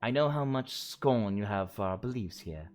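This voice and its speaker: Man doing a stern, anxious old woman professor with a lively delivery. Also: fairly low pitch, normal speed, natural voice. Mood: insistent. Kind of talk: reading game dialogue aloud.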